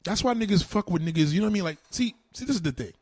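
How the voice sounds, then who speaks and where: A man ranting on a livestream, answering his chat in a loud, combative, mocking way. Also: high voice, expressive, racing, slightly rough, dry recording. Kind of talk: live-stream rant.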